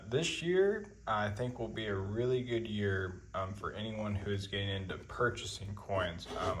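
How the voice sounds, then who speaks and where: A man hosting a coin-collecting video channel, talking casually to camera in a relaxed, rambling way, with many ums and uhs. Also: fairly low pitch, slight background noise.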